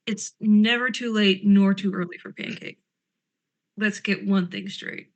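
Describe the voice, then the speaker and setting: A woman's voice: medium pitch, fairly even intonation, a little slow. A woman playing a tabletop game, talking in character in a grumbling, sarcastic, rambling way. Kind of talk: in-character role-play chat.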